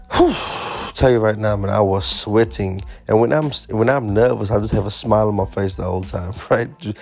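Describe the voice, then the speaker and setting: A man casually telling a story about his first stand-up gig, animated and swearing as he acts out his panic. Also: lowish voice, gravelly. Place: Fremantle area, Western Australia.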